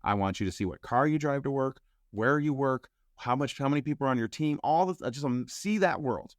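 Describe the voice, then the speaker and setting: Animated male storyteller, dry studio sound. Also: medium pitch, brisk, no room sound. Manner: animated storyteller who acts out quoted dialogue. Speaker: entrepreneur podcast guest. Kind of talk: storytelling in a podcast interview.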